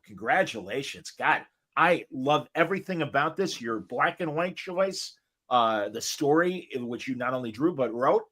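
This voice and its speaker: An enthusiastic male host chats easily with his guest, his voice sitting at an ordinary middle pitch. He talks loosely and warmly, and his sentences are dotted with "uh" and restarts. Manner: enthusiastic, chatty, frequent fillers. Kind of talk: casual interview chat.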